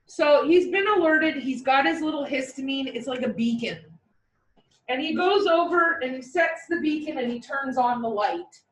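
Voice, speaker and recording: High-voiced woman lecturing in an echoey classroom. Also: expressive, normal speed, distant mic. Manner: playful, uses military metaphors and mock voices. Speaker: teacher. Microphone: far from the mic. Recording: echoey classroom recorded from afar.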